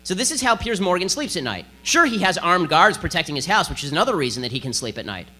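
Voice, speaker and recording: Man, fast-talking sarcastic lecturer with a slightly high, sharp voice and a faint mains hum. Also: big pitch swings. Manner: rapid-fire, combative and sarcastic. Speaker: political speaker giving a lecture. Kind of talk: speech to an audience.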